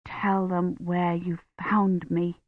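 A woman voicing a patient young woman who speaks softly and quietly to a small child. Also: lowish voice, a little slow, dry recording, phone-quality sound. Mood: gentle. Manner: soft, quiet, gently firm.

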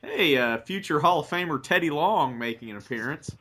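Male podcast co-host, bright and forceful voice, relaxed joking commentary. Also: fairly high pitch, brisk, a little hiss or hum. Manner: laughs often, swears casually. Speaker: podcast co-host watching old wrestling. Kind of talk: casual chat, watch-along commentary.

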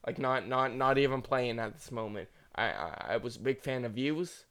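A man's voice: medium pitch, normal speed, a bit bright. A young man hosting a podcast in casual, joking chat, rambling with stammered restarts. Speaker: podcast host.

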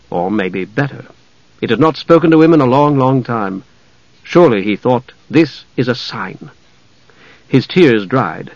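Brief: male audiobook narrator, measured, dry and slightly dull recording. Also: medium pitch, no echo.

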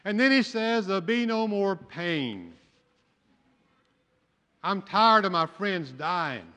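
A man's voice: high voice, animated, slow, pushed and bright, clear, resonant tone. An older man, a pastor, preaching a sermon with folksy storytelling and humor. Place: church sanctuary. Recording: long church hall reverb.

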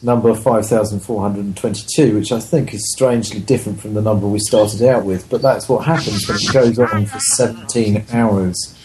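A man's voice: lowish voice, steady tone, moderate pace, few pauses, background noise. A man hosting a casual podcast panel, joking and signing off like a mock radio announcer. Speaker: podcast host.

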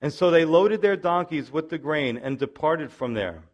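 A male pastor teaching verse by verse through a Bible passage, with an animated manner and playful asides that act out the characters' lines. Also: on the high side, normal speed.

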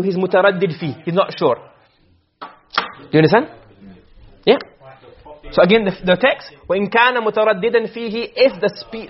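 A male teacher giving a classroom lesson on a text, repeating points and checking that students follow. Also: high-pitched. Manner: repetitive, checks understanding often. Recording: dull lo-fi recording.

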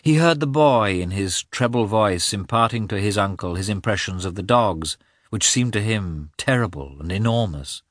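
A man narrating a novel in a measured, expressive reading, recorded close to the mic. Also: lowish voice, no room sound. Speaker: audiobook narrator. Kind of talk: scripted narration.

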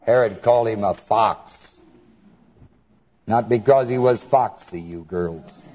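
A husky, slightly mellow man with a lowish voice preaches expressively and slowly, leaving long pauses. He draws call-and-response answers from the congregation and spells terms letter by letter, on dull lo-fi audio with long hall reverb.

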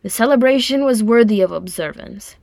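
Woman voicing a grumpy sardonic dwarf healer, mid-pitched, dry close sound. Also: lively intonation, moderate pace, no room sound, close to an everyday voice. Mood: grumbling. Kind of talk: audiobook fan fiction reading.

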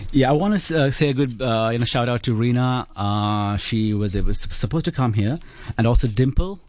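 A man's voice: medium pitch, normal speed, a little mellow, dry recording. A man who is a guest writer on a radio show, talking hesitantly about his work and reading his own story aloud. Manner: hesitant, with many restarts.

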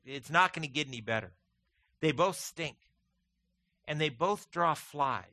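A pastor delivers a sermon in a bright, ringing voice that sits a little above the usual male pitch. He talks to the congregation like old friends, slipping into folksy stories and jokes. The sound is dry and close. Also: a little slow, dry recording. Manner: folksy, animated storytelling with humor.

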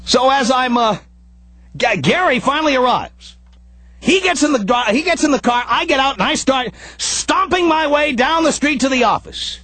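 Ranting high-voiced radio host, a man. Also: normal speed, dry recording. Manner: animated, frequently shouting in anger. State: out of breath. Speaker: radio talk show host. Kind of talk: ranting monologue.

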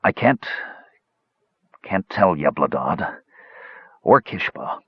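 A man voicing a dying, proud old male dwarf who rasps and wheezes breathlessly, as in an audiobook. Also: sits low, big pitch swings, takes it slowly, no room sound, highs cut off, heavily acted. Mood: pained. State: dying, hoarse. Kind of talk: audiobook narration.

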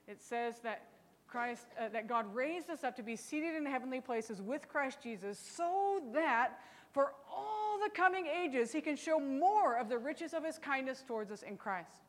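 Chatty woman teaching in an echoing hall. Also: a little high. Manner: chatty, teasing, asks rhetorical questions. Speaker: Bible study teacher. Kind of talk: classroom Bible lesson.

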